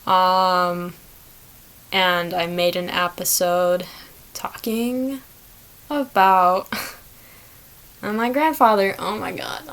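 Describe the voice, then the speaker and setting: A woman's voice: fairly low pitch, steady tone, drawn-out words, long pauses, a bit bright, clean tone. A young adult woman hosting a solo podcast, chatting in a rambling, self-deprecating way. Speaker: podcast host. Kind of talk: casual solo podcast monologue.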